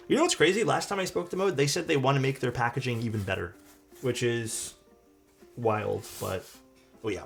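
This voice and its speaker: Man streaming a keyboard build, chatty and animated, with quiet music in the background. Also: medium pitch. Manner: chatty, answers chat questions, trails off and restarts. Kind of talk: casual livestream chat while building.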